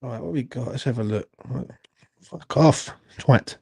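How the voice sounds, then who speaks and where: A man's voice: mid-range voice, unhurried, creaky, dark tone, breathy edge, dry recording, clean studio sound. A young man, hosting a live horse racing watchalong, swearing and grumbling in a rambling way. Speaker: watchalong host.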